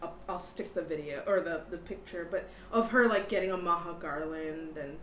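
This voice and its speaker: A woman's voice: on the low side, normal speed, a crowd in the background. A woman co-hosting a podcast, chatting casually with lots of giggles and fillers. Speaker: podcast co-host. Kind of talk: casual chat. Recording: echoey room recording.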